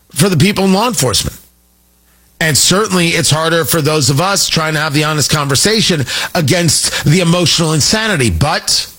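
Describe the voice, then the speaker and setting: A man's voice: fairly high pitch, a bit bright, slightly rough. A man hosting a political talk radio show, delivering an emphatic, sarcastic monologue.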